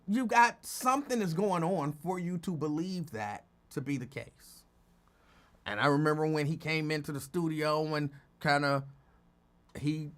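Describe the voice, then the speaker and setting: A man hosting a casual talk show, telling stories in a loose, animated way, jumping high in pitch when he quotes people. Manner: animated, acts out quotes with big pitch jumps. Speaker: radio host. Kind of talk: casual storytelling chat.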